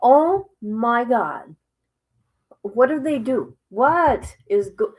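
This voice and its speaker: Slow-talking woman streamer. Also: a little high, lively intonation, a little mellow, breathy edge, poor audio. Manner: reads aloud haltingly, then reacts with exclamations and asides to viewers; drops into whispers at times. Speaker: livestream host. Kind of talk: casual livestream commentary.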